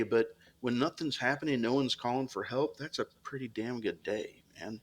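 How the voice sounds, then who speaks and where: A man's voice: mid-range voice, moderate pace, few pauses, husky. A man on a podcast as a police officer guest, talking earnestly and reflectively with many restarts. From United States. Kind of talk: casual interview talk.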